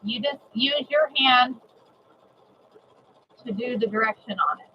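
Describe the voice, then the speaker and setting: A woman giving a live sewing demonstration, chatty and excitable, repeating herself and greeting viewers. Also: fairly high pitch, a little slow, muffled recording, a little hiss or hum. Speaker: sewing instructor.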